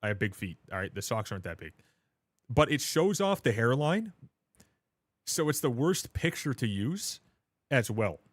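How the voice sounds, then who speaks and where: Male streamer, late twenties, loose joking chatter, mid-pitched voice. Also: big pitch swings, normal speed, long pauses, dry recording. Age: 20s. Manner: joking, rambling, self-mocking. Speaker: livestream host. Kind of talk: casual livestream chat.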